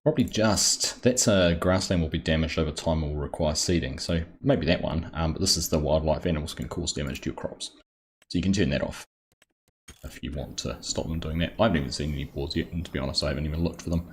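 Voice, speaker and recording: Australian man, low voice, live stream host, chatty, greets viewers, faint background hiss. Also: quick pace. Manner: chatty, greets viewers by name, relaxed with fillers. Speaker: livestream host. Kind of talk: casual live gaming stream chat.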